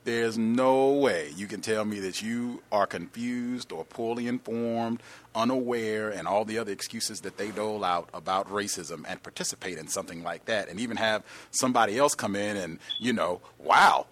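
A man hosting a call-in show, answering a caller with deliberate, analytical commentary. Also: fairly low pitch, fairly bright tone, slight background noise. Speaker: host.

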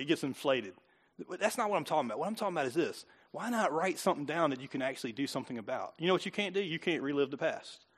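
In a church, a pastor with a bright, high voice delivers a sermon. His preaching is punchy and conversational, full of rhetorical questions.

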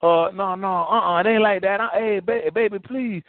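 A man's voice: high-pitched, normal speed, dry recording, pitched above the performer's own voice, lightly acted. A man voicing a grown man who pleads and begs someone to come back, whiny and stammering, heard over a tinny phone-like line. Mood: pleading.

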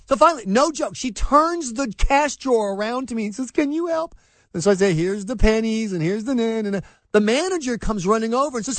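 A man hosting a talk radio show, telling stories in an animated, sarcastic way and mocking people in put-on voices. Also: high voice, no echo.

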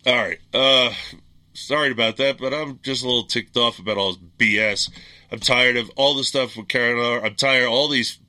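Angry, bright-voiced talk radio man. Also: medium pitch, a little fast. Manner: angry ranting, blunt and combative. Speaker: radio show host. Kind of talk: political talk radio monologue.

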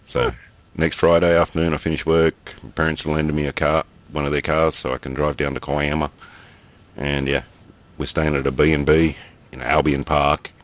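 A man's voice: extremely low pitch, little pitch movement, normal speed. An Australian man chatting casually as a podcast co-host, rambling through stories and chuckling between them. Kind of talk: casual chat.

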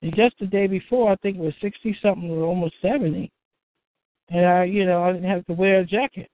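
Man, high voice, call-in host, rambling casual chat, tinny phone line. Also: steady tone, fairly quick, no echo. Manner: rambling, easygoing, many "you know" fillers.

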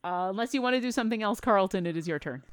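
A woman running a tabletop game as dungeon master, narrating the action and rulings in a brisk, upbeat way. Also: medium pitch, animated, no echo.

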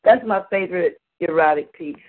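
A woman's voice: fairly low pitch, moderate pace, slight background noise. A woman reading her spoken-word poetry with a dramatic, rhythmic delivery, heard over a phone call. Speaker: open mic host and poet. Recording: tinny phone line.

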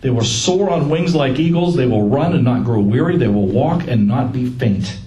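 A man leading a casual Bible study group, joking and lively as he teaches. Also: medium pitch, normal speed. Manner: joking, animated, laughs at own lines. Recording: echoey room with faint ambience.

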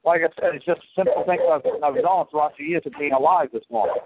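A man's voice: a little high, fairly even intonation, fast, dry recording. A man in his fifties giving advice on a casual phone call, blunt, profane and emphatic. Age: 50s. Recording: tinny phone line with faint hiss.

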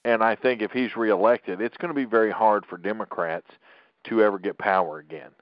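A man's voice: fairly low pitch, fairly quick, no room sound, muffled recording. A middle-aged man hosting a political podcast, talking in an opinionated, rambling way with frequent restarts. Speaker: podcast host.

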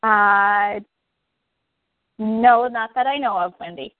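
A woman's voice: mid-range voice, takes it slowly, slight background noise. A woman facilitating a weekly group call, opening it and guiding others through their turns. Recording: tinny phone line.

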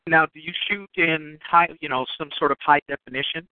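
A man's voice: a little high, fairly even intonation, a little fast, smooth, no echo. Rambling male host on a phone line. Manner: meandering, hesitant questions full of fillers. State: has the hiccups. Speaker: radio show host. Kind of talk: casual interview questions. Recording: dry, tinny phone line.

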